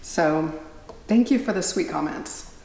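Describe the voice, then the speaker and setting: A woman's voice: lowish voice, a little slow, vocal fry, a little mellow. A middle-aged woman vlogging in a casual, rambling, self-deprecating chat to her viewers. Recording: roomy echo, faint ambience.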